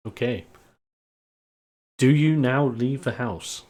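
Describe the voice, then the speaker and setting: A man's voice: medium pitch, slow, a little mellow. A man running a tabletop game, narrating the scene in a casual, descriptive way. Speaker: game master.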